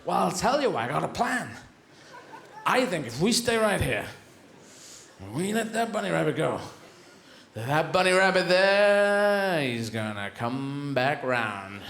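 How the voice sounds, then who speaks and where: A man's voice: on the high side, big pitch swings, a little slow, gravelly, a little hiss or hum, heavily acted. A man doing a bossy, scheming dog. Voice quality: conspiratorial, bossy. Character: scheming clever male dog, leader type. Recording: echoey live venue, loud audience.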